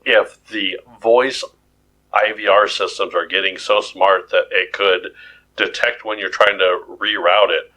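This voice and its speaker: A male podcast host in casual chat, delivering animated, joking rants with frequent restarts. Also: sits low, unhurried, rough recording.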